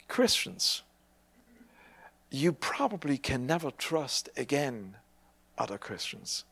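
A man's voice: medium pitch, vocal fry, breathy edge, no echo. Older male preacher telling a story. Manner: conversational, with hesitant restarts and animated retold dialogue. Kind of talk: storytelling sermon testimony.

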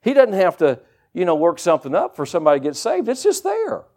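A man preaching a sermon to a church congregation, animated and conversational, with folksy everyday asides. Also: high voice, fast.

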